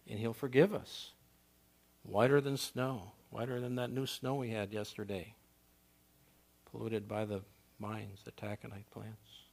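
A man preaching a sermon as pastor, emphatic and full of rhetorical questions, swinging from loud to soft. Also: fairly low pitch, flat delivery, a little slow, vocal fry, pauses often.

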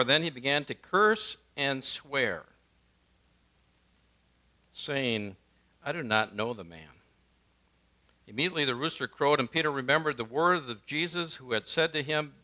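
Bright-voiced preacher swinging loud to hushed. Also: male voice, medium pitch. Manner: preaching with wide swings in loudness, emphatic then hushed. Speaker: pastor. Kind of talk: sermon.

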